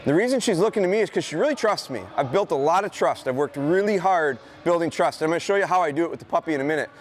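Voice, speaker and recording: A gun dog trainer walks students through a live demo in a school gym, chatting casually and pausing for brief commands to the dog. He speaks fast in a slightly high voice with lively intonation.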